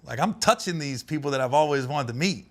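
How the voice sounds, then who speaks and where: A man from Ohio, a stand-up comedian telling stories as a podcast guest, animated and laughing as he talks. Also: a little high, fast talker. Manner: animated storyteller, laughing through anecdotes. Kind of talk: casual podcast chat.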